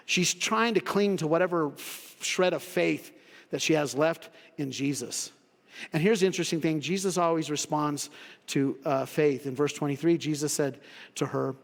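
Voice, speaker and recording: A man preaching a sermon as pastor in a church, conversational, acting out quotes in sudden high voices. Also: normal speed, gravelly. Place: church sanctuary. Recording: long reverb of a church hall.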